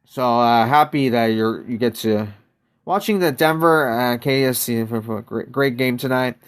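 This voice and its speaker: Sitting near his desk mic, an American streamer talks casually to his audience during a live game session, calling out viewers by name and drifting between loose tangents. He speaks unhurriedly in a smooth, clear, middle-pitched voice.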